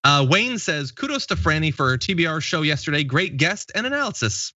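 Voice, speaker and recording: A man's voice: on the high side, sing-song, a little fast, bright, forceful tone, no echo, highs cut off. A man in his late thirties hosting a casual live stream, reading viewer comments aloud and laughing easily. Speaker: show host.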